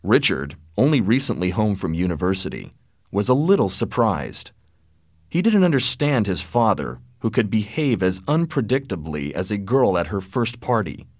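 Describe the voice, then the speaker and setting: A man narrating a story in a measured, expressive reading. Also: on the low side, dry recording, studio quality.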